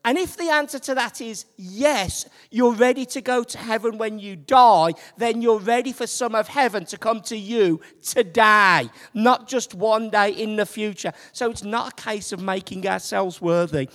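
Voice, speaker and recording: A preacher delivering a sermon to a church congregation, slow and building to loud, emphatic points. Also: mid-range voice. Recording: long hall reverb.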